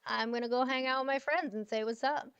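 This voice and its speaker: Tired woman chatting on a phone livestream, kinda gravelly, smooth voice, dry sound. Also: high-pitched, steady tone, fast, fairly bright tone, no echo, lo-fi sound. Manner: chatty, affectionate, swears casually. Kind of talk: casual livestream chat.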